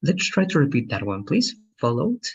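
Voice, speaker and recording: A man teaching an English lesson, encouraging and patient, slowing down to model how words are stressed. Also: mid-range voice, expressive, breathy edge. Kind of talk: online language lesson. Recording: dull lo-fi sound.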